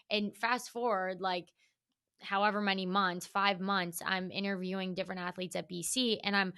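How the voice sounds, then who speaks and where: A woman's voice: mid-range voice, little pitch movement, moderate pace, sharp tone, clean tone. A young adult woman hosting a podcast, talking eagerly and chattily with lots of "like". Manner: eager and chatty, heavy use of "like". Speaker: podcast host. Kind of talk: casual podcast conversation.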